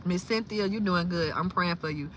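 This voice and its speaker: A woman from Louisiana, hosting a casual livestream and talking in an animated, exclamatory way. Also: fairly low pitch, moderate pace, a little hiss or hum. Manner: animated, exclamatory, incredulous, laughing often. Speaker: livestream host.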